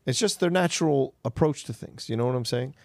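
A man's voice: mid-range voice, brisk, vocal fry, no room sound, clean studio sound. A man co-hosting a film podcast, sharing his opinions on actors in a loose, conversational way. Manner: conversational, with fillers and repeats. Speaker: podcast co-host. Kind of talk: casual film discussion.

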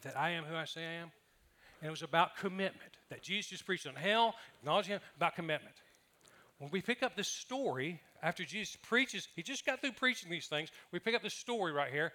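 A man's voice: on the high side, pushed and bright. A man preaching a sermon as pastor, telling funny personal stories and acting out what people said. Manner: humorous storytelling with acted quotes.

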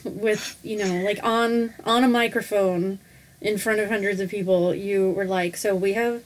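A woman's voice: medium pitch, fairly even intonation, measured pace, slight background noise. Young woman podcast co-host, gushing, emphatic, chatty. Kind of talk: casual chat.

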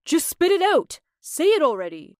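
A woman's voice: high-pitched, sing-song, takes it slowly, darkish tone, no room sound, clean studio sound, full character voice. A woman voicing an impatient, hot-tempered rich teenage boy. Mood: angry. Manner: impatient, snapping.

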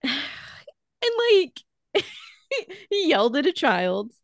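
A gravelly, creaky-voiced woman talking fast and excited on a podcast she co-hosts, gushing and cursing freely. Her voice sits a little high, and the sound is close and dry with no room around it. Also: no echo. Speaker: podcast co-host. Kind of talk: casual chat.

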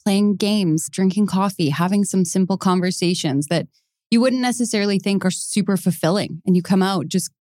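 A woman's voice: mid-range voice, normal speed, a little mellow, no echo, studio quality. A woman speaking as a guest volunteer in a casual interview, sincere and reflective.

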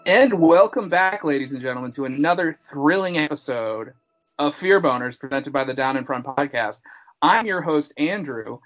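A man hosts a casual horror-film podcast with a playful, showman-like delivery. His voice sits somewhat high for a man, and his sentences often ramble and restart as he tells a story. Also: expressive, moderate pace, fairly bright tone, soft background music, low-quality recording. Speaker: podcast host.

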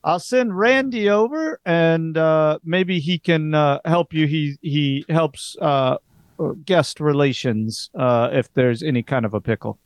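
Folksy glad-handing park host, a man putting it on, higher pitch, dry close sound. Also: slow, no room sound. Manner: drawling frontier talk, genial and smooth.

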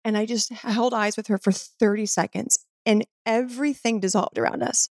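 A woman's voice: on the high side, fairly even intonation, normal speed, darkish tone, no echo, studio quality. A woman guest telling an earnest, spiritual personal story in conversation, full of "like" fillers. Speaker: podcast guest.

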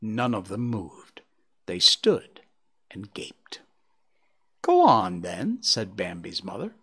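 A man's voice: slow pace, pauses often, slightly rough. A man reading a children's story aloud, bringing the characters to life with a varied voice. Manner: lively, voicing characters with shifting pitch. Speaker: narrator.

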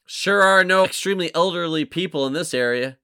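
A man's voice: on the high side, a little fast, pushed and bright, slight background noise. A man co-hosting a casual film podcast, blunt and incredulous, swearing freely. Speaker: podcast co-host.

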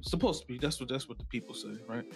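A man co-hosting a casual podcast chat, animated and laughing, acting out quotes in his stories. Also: medium pitch, quick pace, creaky, over music. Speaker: podcast co-host.

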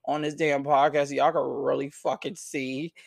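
A man hosting a casual podcast with friends, telling stories in a profane, excitable way. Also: medium pitch, moderate pace, gravelly, dry recording, clean studio sound. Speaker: podcast host. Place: vacation house.

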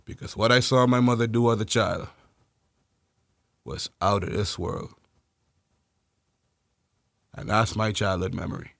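A man co-hosting a casual podcast, telling a personal story and bantering, laughing loudly and slipping into playful voices. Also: fairly low pitch, measured pace, creaky, long pauses, no room sound, clean studio sound. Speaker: podcast co-host.

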